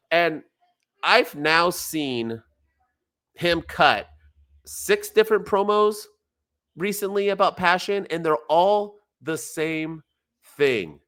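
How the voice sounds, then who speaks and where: A man co-hosting a casual podcast, talking in an animated, profane rant. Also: on the high side, slow. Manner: animated, profane, ranting, mocks others in quoted voices. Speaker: podcast co-host. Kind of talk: casual chat.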